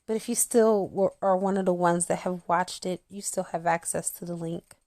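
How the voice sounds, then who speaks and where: A woman in her thirties who hosts a spiritual channel speaks in a fairly low, mellow voice with a steady tone at normal speed. She talks intimately to her viewers in a casual monologue, acting out quotes as she tells a story. The studio sound is clean with no echo.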